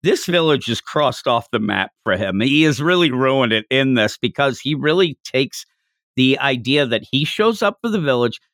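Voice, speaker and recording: Male podcast co-host, lively pitch, dry close sound, playful scene retelling. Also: moderate pace, no room sound. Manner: animated, acts out character lines in funny voices. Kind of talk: casual manga discussion.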